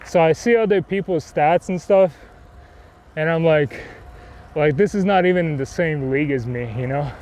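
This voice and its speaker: A man's voice: fairly high pitch, normal speed, darkish tone. A man chatting casually while riding a bike outdoors, rambling and self-deprecating, with many fillers. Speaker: cycling vlogger. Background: wind and faint traffic.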